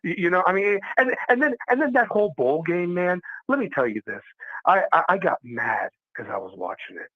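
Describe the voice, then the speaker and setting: A man's voice: high-pitched, expressive, a little fast, muffled recording. A man co-hosting a live sports talk show, ranting hard about his team, swearing a lot and stumbling over repeated words as he trash-talks. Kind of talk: heated fan rant on a live show.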